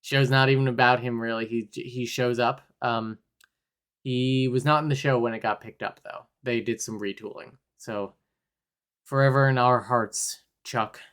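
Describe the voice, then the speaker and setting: A man co-hosting a movie podcast in casual chat. He recaps the plot wryly, jumping in and out of quick voices for the characters. His pitch sits in an ordinary middle range. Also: fairly even intonation, fairly bright tone, clean tone. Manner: wry, acts out characters' lines in quick bursts. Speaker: podcast co-host.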